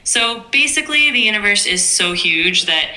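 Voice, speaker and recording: Bright upbeat AI assistant woman's voice. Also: medium pitch, lively intonation, normal speed, reverberant, low-quality recording. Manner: upbeat, smooth and agreeable. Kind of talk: chatbot replies.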